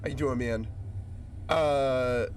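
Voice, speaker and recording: A man with a mid-range voice talks at a slow pace over slight background noise. He's streaming a game, joking around and greeting viewers by name in casual chat. He's getting over a chest cold that makes him cough.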